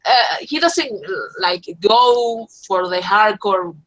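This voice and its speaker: A woman in a casual group podcast chat, profane and animated, laughing often. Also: mid-range voice, takes it slowly, poor audio. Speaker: podcast panelist.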